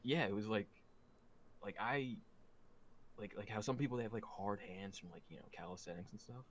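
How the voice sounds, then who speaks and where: Guy with a lowish voice rambling in casual chat, lots of likes and restarts, faint hiss behind. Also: normal speed, low-quality recording. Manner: rambling, many fillers and restarts.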